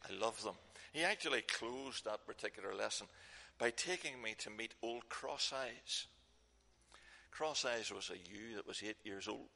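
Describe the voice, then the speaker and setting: Gravelly preacher in a reverberant hall. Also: male voice, medium pitch, unhurried, bright, forceful tone. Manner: emphatic, repetitive storytelling delivery. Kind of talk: sermon with personal stories. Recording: long reverb of a large hall.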